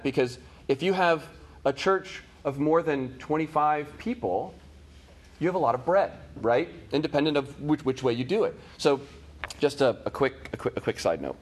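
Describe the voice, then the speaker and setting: A man's voice: medium pitch, expressive, normal speed. A man teaching a catechism class, talking casually to his students with many fillers, restarts and "right?" check-ins. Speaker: Bible teacher.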